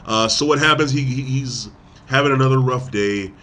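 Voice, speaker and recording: A man's voice: medium pitch, moderate pace, pushed and bright, slight background noise. A man co-hosting a podcast, casually retelling a film's plot with lots of fillers and restarts. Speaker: podcast co-host. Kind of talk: casual film review chat.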